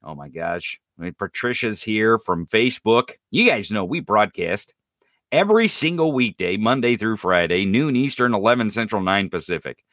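A male podcast host in full rant mode, his pitch leaping up and down. His tone is bright and edgy, loaded with sarcasm and swearing, and the sound is close and dry with no room around it. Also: normal speed, no echo. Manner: animated, profane ranting with laughs and sarcasm. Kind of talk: live-streamed political commentary.

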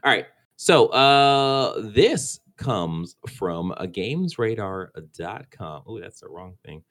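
Low-voiced guy cohosting a gaming podcast, rambly, trips over words and restarts a lot. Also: sing-song, takes it slowly, a bit bright. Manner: rambling, stumbles and restarts, laughs easily. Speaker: podcast co-host. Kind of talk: casual gaming podcast chat.

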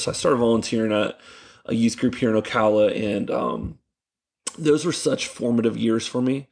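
A young man, a youth pastor, telling animated stories in casual chat with lots of fillers. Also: mid-range voice, normal speed, gravelly, slightly rough. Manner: animated, laughing storyteller with many fillers. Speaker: youth pastor, podcast guest.

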